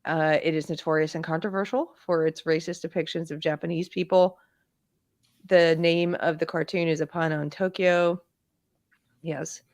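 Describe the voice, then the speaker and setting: A woman's voice: sits low, steady tone, moderate pace. A woman co-hosting a live stream, chatting casually and reading comments aloud. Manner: reads chat and notes aloud, chatty. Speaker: co-host.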